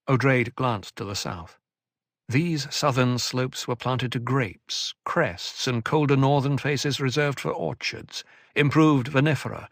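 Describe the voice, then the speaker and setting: A man reading an audiobook with scripted narration, in an even, deliberate way. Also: medium pitch, no echo, clean studio sound.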